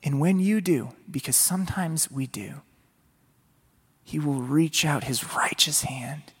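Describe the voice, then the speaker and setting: A man's voice: on the high side, breathy edge. A man preaching a sermon in an earnest, conversational way, sometimes acting out a pleading voice. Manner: earnest, voices Peter's inner plea in a raised pleading tone. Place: church. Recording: long hall reverb.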